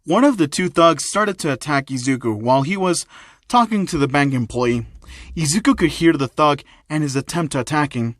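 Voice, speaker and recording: A man narrating a fan-made action story with a plain, halting delivery. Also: a little high, animated, dry recording, studio quality.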